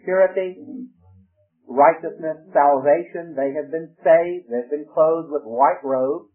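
Man preaching over tinny radio. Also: mid-range voice. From Georgia, USA. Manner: folksy, asks questions and answers them. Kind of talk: sermon Bible study.

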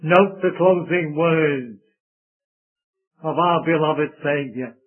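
A man preaching a sermon, reading scripture aloud with a slow, solemn and emphatic delivery. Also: on the high side. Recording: tinny lo-fi sermon recording.

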